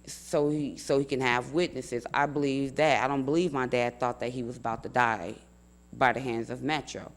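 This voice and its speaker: An earnest young man tells what happened in a steady, measured voice, going back over his words to stress them. His pitch sits in the ordinary middle range for a man. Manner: earnest, measured, repeats himself for emphasis. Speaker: family member telling his account. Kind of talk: recounting in an interview.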